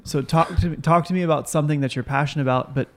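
A young man hosting a podcast, telling stories in a rambling, animated way. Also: a little high, racing. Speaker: podcast host. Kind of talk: casual chat.

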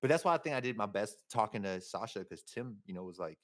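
A young man from San Francisco chats as a podcast guest in a low-pitched voice. He talks in loose slang, swears freely and rambles with a laugh here and there. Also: quick pace, hardly any pauses. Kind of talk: casual chat.

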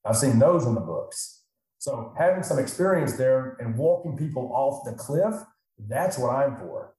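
Echoey middle-aged man, lively advisor talk. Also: medium pitch, unhurried. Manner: animated, acts out clients' voices. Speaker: financial advisor. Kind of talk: casual podcast talk. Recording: very echoey room.

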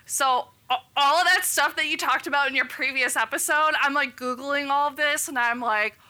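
A woman's voice: high-pitched, steady tone, brisk, sharp tone. A woman in her thirties, a physician, chatting casually and acting out quotes as she tells a story. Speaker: physician guest. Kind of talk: casual podcast chat.

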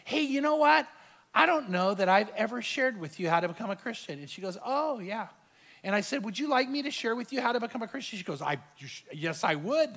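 Animated, high-voiced male pastor preaching. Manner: storytelling, animated, acts out quoted dialogue. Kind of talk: sermon.

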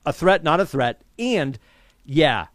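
A man co-hosting a casual sports podcast, ranting in an animated way and laughing as he talks. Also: a little high, takes it slowly, no room sound, clean studio sound. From New England. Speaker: podcast co-host.

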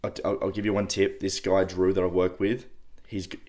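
Low-voiced man, relaxed. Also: brisk. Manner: relaxed, repeats words as he starts. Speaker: podcast co-host. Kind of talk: casual chat.

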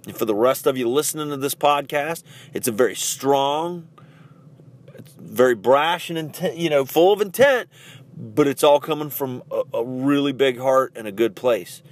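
A middle-aged man hosting a podcast, giving a blunt, forceful motivational talk with swings in pitch and loudness. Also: moderate pace. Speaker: podcast host.

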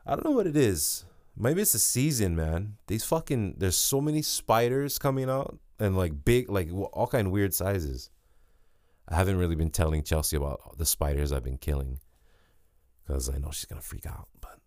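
A man's voice: sits low, a little mellow, no room sound, clean studio sound. A young man hosting a podcast, rambling and joking with lots of swearing, tired and giddy. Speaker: podcast host. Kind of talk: casual solo podcast chat.

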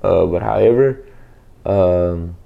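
A young adult man telling stories in a relaxed, casual chat as a podcast co-host, with many restarts. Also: deep voice, takes it slowly, creaky, dull audio. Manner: storytelling, loose and laid-back with restarts.

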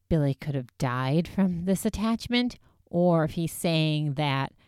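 A young woman with a low, smooth voice talks through an episode recap in a chatty, animated way, full of "like" and "you know". The sound is close and dry. She retells things casually and keeps the story rolling. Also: no room sound. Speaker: podcast host recapping a show.

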